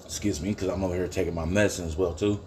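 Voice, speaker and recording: A man hosts a casual solo podcast from his home kitchen, his low, darkish voice steady in tone but very fast. He rambles and swears, breaking into bursts of laughing outrage, with slight background noise.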